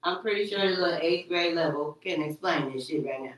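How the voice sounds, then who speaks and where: In an echoey room, far from the mic, a woman with a low voice talks fairly quickly. Her monologue rambles and grows agitated as she repeats herself, curses, and quotes her own words back.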